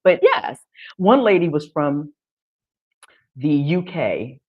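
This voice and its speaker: An American woman from Texas hosting a casual live stream. She talks in an animated way, with many restarts and fillers. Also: deep voice, takes it slowly, slightly rough, dull audio. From Texas, United States. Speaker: host.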